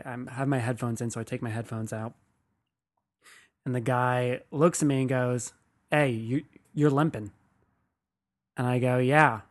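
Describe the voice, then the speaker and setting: A man hosting his own podcast, telling stories in a loose, rambling monologue. He swears freely and pokes fun at himself as he talks. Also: mid-range voice. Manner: rambling, profane, self-deprecating. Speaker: podcast host. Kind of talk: casual comedic monologue.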